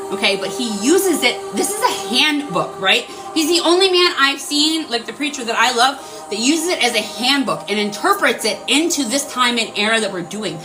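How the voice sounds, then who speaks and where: A young woman talking casually to her viewers, animated and full of filler words, swearing freely. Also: fairly high pitch. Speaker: energy healing vlogger.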